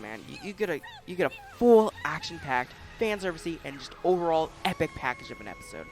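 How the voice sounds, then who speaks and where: A man's voice: high-pitched, wildly swooping pitch, a little fast, few pauses. A young man hosting a casual countdown video, rambling and jokey, swearing now and then. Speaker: YouTube list host.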